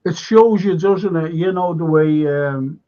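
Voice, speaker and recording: A man's voice: a little high, a little slow, mellow. An older man with a Liverpool accent who hosts a radio chat show and rambles through anecdotes. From Liverpool, England. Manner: rambling anecdotes, laughs while telling stories. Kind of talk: casual chat. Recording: dull lo-fi sound.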